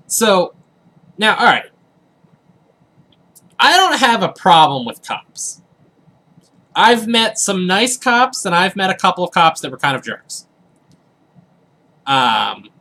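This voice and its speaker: A man's voice: on the high side, pushed and bright. A young man casually rambling through a story while commenting on a video game, full of fillers and asides. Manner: rambling, filler-heavy, chatty. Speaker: let's play host.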